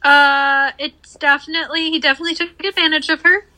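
A woman from Detroit with a high, bright voice chats casually on a podcast. She is blunt and jokey and swears freely. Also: steady tone, fairly quick, low-quality recording. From Detroit, USA. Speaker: podcast co-host. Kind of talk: casual chat.

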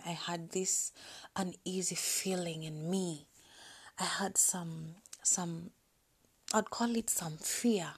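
A woman shares a personal story on her podcast, her voice soft, breathy, and almost a whisper. She speaks on the low side, hesitantly and haltingly, with many pauses.

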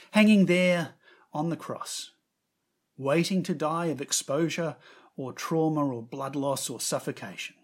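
A man preaching a sermon, telling the story with expressive emphasis and lifting his voice on quoted words. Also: fairly high pitch, breathy edge.

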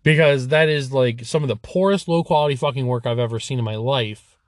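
Male podcast co-host from Michigan, mid-pitched, dry close sound, crude and blunt chatter. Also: brisk, dry recording. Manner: crude, swears a lot, blunt and animated. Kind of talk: casual podcast chat.

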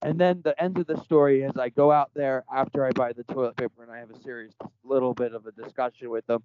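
A man's voice: medium pitch, steady tone, quick pace, a little hiss or hum. Earnest rambling man, dull lo-fi sound. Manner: earnest, rambling, spiritual framing. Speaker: returning podcast guest. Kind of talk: casual conversational storytelling.

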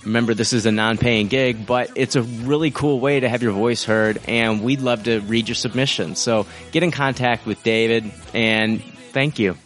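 Male podcast host, relaxed and jokey, laughing between lines. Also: mid-range voice, normal speed, soft background music. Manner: joking, laughs often. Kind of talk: casual chat and sign-off.

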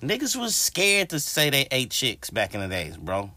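Here a podcast host delivers an animated, profanity-filled solo rant, talking straight to his audience. He speaks at a normal speed in a mid-range voice with few pauses and no echo.

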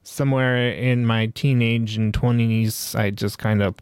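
A man's voice: medium pitch, steady tone, measured pace, clear, resonant tone, no echo, studio quality. A man in his forties hosting a podcast, reflecting on his life in a rambling way with many fillers and restarts. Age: 40s. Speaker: podcast host. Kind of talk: personal reflective monologue.

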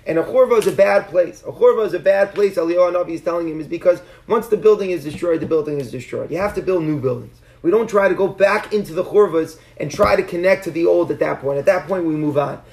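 A man's voice: high-pitched, fast, few pauses, a little mellow. A man teaching a Talmud class, explaining the text earnestly and often restarting his sentences.

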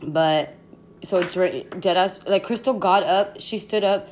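A young woman tells a story in a rambling, slangy, excitable way, full of fillers. Her voice sits fairly low for a woman. A faint hiss of noise runs under her speech. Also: a little slow. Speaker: podcast host. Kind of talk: casual storytime chat.

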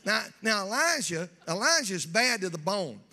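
A man preaching a folksy, joking sermon in church that builds to shouting. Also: high-pitched, very animated, normal speed. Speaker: pastor.

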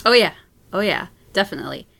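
A woman talking as a podcast guest in a casual chat, laughing often and pausing on fillers. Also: medium pitch, lively intonation, creaky, bright, forceful tone.

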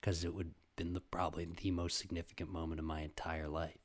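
A young man with a fairly low voice tells a casual story on his podcast and swears freely. He swings from loud, excited bursts down to low, muttered asides. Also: fast talker. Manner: profane, animated storytelling with sudden loud bursts and quiet asides. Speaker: podcast host.

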